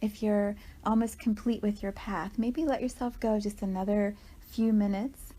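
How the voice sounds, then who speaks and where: A woman guiding a walking meditation, talking gently and conversationally with frequent asides to the listener. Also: mid-range voice, fairly even intonation, moderate pace. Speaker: meditation guide.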